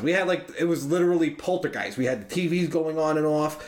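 A podcast co-host with a slightly high voice talks in rapid-fire bursts, spinning a long, wandering story for his friends. He swears freely and keeps it loose and chatty, and the room gives off a roomy echo.

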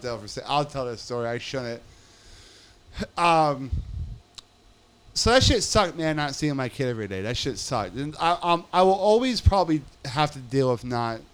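This young man's storytelling comes in a clear, resonant, medium-pitched voice. Chatting casually, he swears, drifts off on tangents and performs other people's quoted lines.

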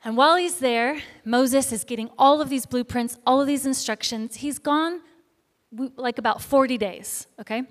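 A woman preacher delivering a sermon, telling a story in a lively, animated way and acting out the voices of the people in it. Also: high-pitched, normal speed. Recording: echoey hall reverb.

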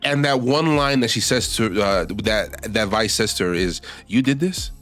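A man co-hosting a podcast in casual chat, excitable and swearing a lot. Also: on the low side, normal speed, soft background music. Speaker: podcast co-host.

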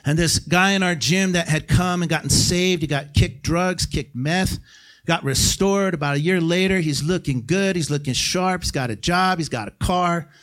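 A middle-aged man preaching in a church sanctuary, his voice sitting a little high for a man. He talks to the congregation like a friend, with bursts of loud emphasis and then quiet, hushed lines. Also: moderate pace. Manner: conversational preaching with sudden shouted peaks and hushed drops. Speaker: guest pastor. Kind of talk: sermon.

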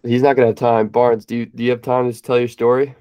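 A man hosting a podcast in a brisk, casual way, keeping the segments moving. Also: mid-range voice, little pitch movement, warm tone, clean tone, no room sound. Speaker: podcast host. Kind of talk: casual chat.

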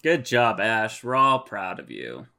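A man's voice: on the low side, big pitch swings, a little slow, gravelly, bright, forceful tone. A man co-hosting a casual podcast, recapping cartoon episodes with sarcastic, casually profane remarks and frequent murmured agreement. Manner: sarcastic, swears casually, many "mm-hmm" backchannels. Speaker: podcast co-host.

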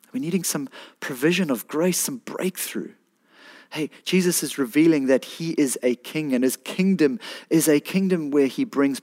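A man preaching, his voice pitched a little high for a man. He talks in an animated, pleading way and builds to emphatic peaks. It sounds like a sermon from a pastor to his congregation.

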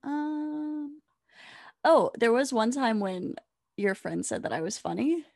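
A young woman co-hosting a podcast in casual chat, animated, full of fillers and restarts, acting out quoted voices. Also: fairly high pitch, slow pace, vocal fry, dry recording, studio quality. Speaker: podcast co-host.

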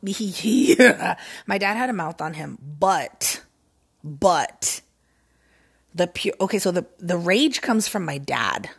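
A woman's voice: fairly low pitch, lively intonation, slow pace, vocal fry, husky. A woman podcast host rambling casually and self-mockingly from a recliner at home. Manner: scattered, self-mocking, giggly.

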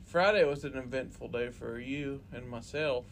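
A man's voice: medium pitch, normal speed, creaky, slight background noise. A man in casual chat who keeps nudging his co-host to tell the story. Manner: prompting, eager interjections.

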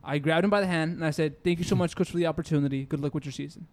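Young guy with a pretty high voice telling a story to his buddies, animated, laughs a lot. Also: rapid-fire. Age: young adult. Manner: animated, storytelling, acts out quotes, laughs often. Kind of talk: casual chat among friends.

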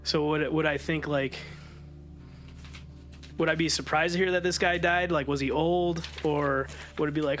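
A man's voice: on the high side, fairly even intonation, moderate pace, a bit bright, a little hiss or hum. A man playing a tabletop game, talking in a rambling, joking way with many fillers. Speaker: player. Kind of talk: casual tabletop game play.

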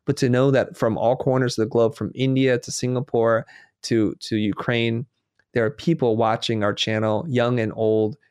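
A man's voice: mid-range voice, moderate pace, smooth, dry recording. A middle-aged man tells stories in casual conversation, slipping into the voices of people he quotes. His voice sits in a middle register. The recording is dry and close, with no room sound. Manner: animated storyteller, acts out dialogue. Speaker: guest.

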